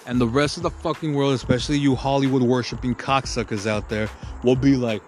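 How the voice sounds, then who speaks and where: A man's voice: medium pitch, steady tone, a little fast, few pauses, faint music behind. Profane ranting man. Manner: crude, heated, rambling with constant filler. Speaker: podcast host.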